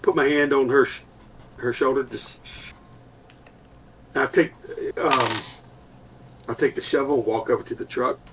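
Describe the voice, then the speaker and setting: A man's voice: mid-range voice, steady tone, normal speed, pauses often, distant mic, a little hiss or hum. A man playing his character in a tabletop role-playing game, stammering and restarting as he decides what to do. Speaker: player.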